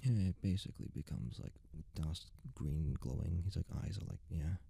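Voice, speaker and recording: A young man rambles in a soft-spoken ASMR style, very close to the microphone. His low voice is gravelly, heavily husky and very dark. He keeps stringing loose thoughts together with "like". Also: moderate pace, no echo. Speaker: ASMR creator.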